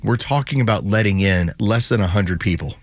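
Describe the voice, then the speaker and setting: A man's voice: fairly low pitch, brisk, no echo. A man co-hosting a morning radio show in a sarcastic, mocking, casual way. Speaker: radio co-host.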